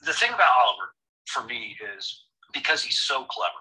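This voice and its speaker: Opinionated American man, bright husky voice. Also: mid-range voice, sing-song, brisk, poor audio. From United States. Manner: opinionated, joking, many restarts. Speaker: podcast co-host. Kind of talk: casual chat.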